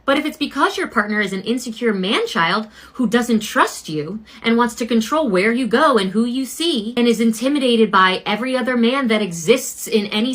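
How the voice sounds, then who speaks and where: A woman's voice: a little high, pushed and bright. A woman giving sarcastic, emphatic video commentary.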